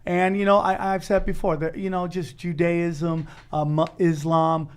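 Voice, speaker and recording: A podcast host man in his forties with a clean, resonant voice pitched a little high. He talks loosely, wandering through his thoughts and trailing off before finishing. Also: little pitch movement, measured pace, smooth. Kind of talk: casual podcast chat.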